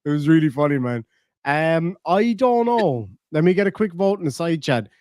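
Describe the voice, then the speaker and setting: A man hosts a livestream in easy, profane chat, reading out donations and spinning jokey stories. His voice sits a bit high for a man and sounds dry and close to the mic. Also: sing-song, normal speed, darkish tone, no echo. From Ireland. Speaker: livestream host.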